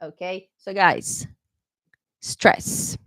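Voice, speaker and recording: A woman's voice: lowish voice, steady tone, drawn-out words, a bit bright, no echo, clean studio sound. Chatty woman teaching pronunciation live. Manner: chatty, repeats "okay?" often, self-correcting. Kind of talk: live online lesson.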